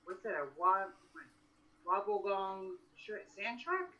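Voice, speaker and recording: Bright-voiced woman on a dull lo-fi mic. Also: mid-range voice, sing-song, takes it slowly. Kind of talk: casual podcast banter. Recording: dull lo-fi sound.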